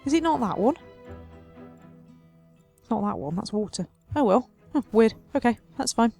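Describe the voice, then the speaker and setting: A woman's voice: a little high, animated, normal speed, gravelly, warm tone, soft background music. A woman hosting a city-building let's play, chatting wryly and talking to her simulated residents as she builds. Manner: chatty, wry, talks to her sims. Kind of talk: casual game commentary.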